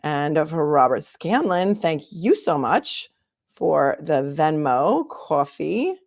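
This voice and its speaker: Female attorney hosting a livestream. Lowish voice, chatty with viewers, given to dramatic whispered asides, dry close mic. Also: sing-song, slow, creaky, a little mellow, no echo. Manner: reads viewer messages aloud. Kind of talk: casual livestream legal commentary.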